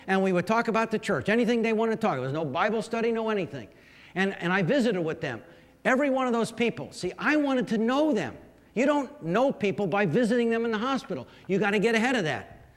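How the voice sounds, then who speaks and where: High-voiced man preaching in a hall. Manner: storytelling with humorous asides to the audience. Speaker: pastor speaking to clergy. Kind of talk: folksy conference talk. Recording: long reverb of a large hall.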